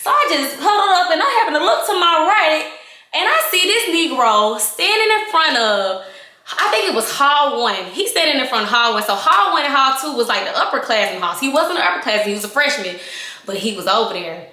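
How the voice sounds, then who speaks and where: A young adult woman telling a candid storytime vlog to her viewers, animated and chatty, acting out the scenes as she goes. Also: high voice, a little fast, reverberant. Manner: animated, reenacting scenes with voices and gestures. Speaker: vlogger.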